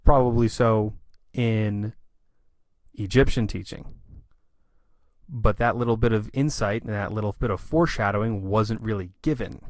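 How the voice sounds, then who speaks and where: A man's voice: fairly low pitch, moderate pace, pauses often, a little mellow, no echo. A man hosting a sermon review, speaking with blunt, skeptical criticism. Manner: skeptical and blunt, challenges the preacher. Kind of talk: critical commentary.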